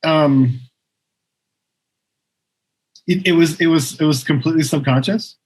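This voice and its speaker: A man co-hosting a podcast, making measured, supportive remarks in casual chat. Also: fairly high pitch, slightly rough, rough recording. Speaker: podcast co-host.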